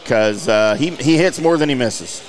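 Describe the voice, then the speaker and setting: A man hosting a casual golf talk show, joking and bantering with his co-host. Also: mid-range voice. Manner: joking, animated, quick to laugh. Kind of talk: casual sports chat.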